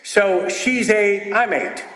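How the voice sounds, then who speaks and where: An older man giving a comedic talk at a recovery meeting, animated and storytelling, breaking into shouts when acting out scenes. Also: sits high, slow pace. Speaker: AA meeting speaker. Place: meeting room with audience. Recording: roomy echoing meeting hall.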